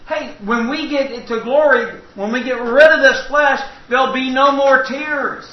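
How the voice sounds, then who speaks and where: A man's voice: extremely high pitch, measured pace. A man preaching a sermon in a church, telling folksy, humorous stories. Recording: echoey hall, distant mic, dull sound.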